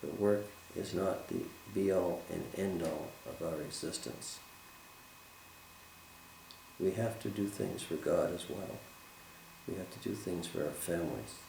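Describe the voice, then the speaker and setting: Deep gravelly male Bible teacher. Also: warm tone, roomy sound, a little hiss or hum, poor audio. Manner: earnest, measured teaching with scripture quotes. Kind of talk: Bible study lesson.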